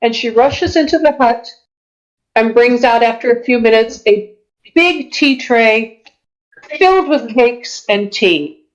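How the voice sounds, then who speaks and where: Woman game master, higher voice. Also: rough recording. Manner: descriptive, measured storytelling. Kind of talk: narrating a tabletop game.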